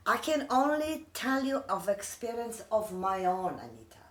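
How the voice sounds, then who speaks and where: A woman's voice: medium pitch, big pitch swings, moderate pace, fairly bright tone. Earnest older immigrant woman, echoey. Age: 60s. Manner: earnest, broken English, heartfelt. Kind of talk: emotional personal talk. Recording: echoey room, mic far off.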